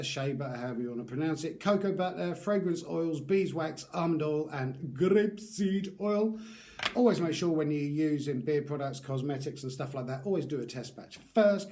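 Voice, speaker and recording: A man's voice: fairly high pitch, darkish tone. A man casually reviewing beard products in a rambling, chatty vlog with lots of fillers.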